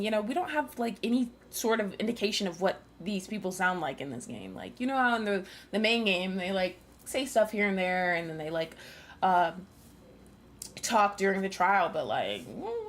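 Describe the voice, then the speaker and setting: A woman's voice: mid-range voice, very animated, moderate pace, fairly bright tone, a little hiss or hum. A woman streamer chatting casually while reading a visual novel aloud, sarcastic and full of profanity. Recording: game music under the voice. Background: game music.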